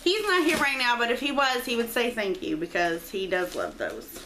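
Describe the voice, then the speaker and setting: Opening a package a friend mailed her, a middle-aged woman chats and gushes at home, letting out excited squeals in the quiet house. She speaks at a moderate pace in a slightly high voice, and there's a bit of background noise.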